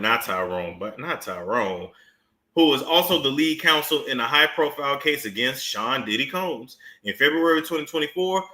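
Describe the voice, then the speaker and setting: A man's voice: mid-range voice, bright, forceful tone, roomy sound. A man hosting celebrity gossip commentary, with a sassy, mocking, drawling way of talking. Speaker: commentary channel host.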